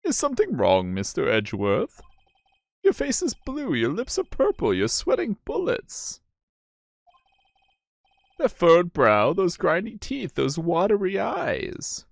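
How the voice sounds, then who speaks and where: A man voicing a sharp young male defense lawyer who presses and lists points. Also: high-pitched, huge pitch swings, unhurried, creaky, no room sound, studio quality, voice pushed up, exaggerated voice. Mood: accusing. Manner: pointed, listing accusations.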